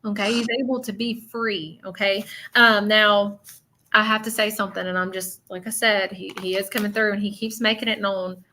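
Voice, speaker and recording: A Southern woman leads a live-stream psychic reading in a chatty, blunt way, with plenty of "um"s along the way. Her voice is bright and carries a forceful edge. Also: medium pitch, little pitch movement, normal speed. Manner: chatty, blunt, with many fillers. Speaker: spiritual medium.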